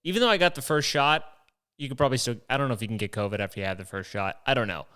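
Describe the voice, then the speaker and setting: Rambling, profane young man, smooth voice. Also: medium pitch, very fast, sharp tone. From New York. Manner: profane, self-deprecating, rambling storyteller. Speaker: podcast host. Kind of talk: rambling casual monologue.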